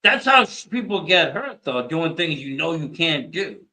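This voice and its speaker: A man's voice: a little high, very animated, moderate pace, bright, forceful tone. A man hosting a podcast, chiming in with profane reactions in casual chat. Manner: reactive, profane back-and-forth. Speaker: podcast host.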